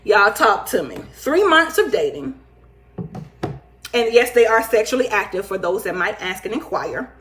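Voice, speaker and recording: A woman hosting a casual live talk show, reading viewer comments aloud, playful and animated, often laughing and teasing. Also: medium pitch, a little fast, hardly any pauses. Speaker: livestream talk show host. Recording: echoey room.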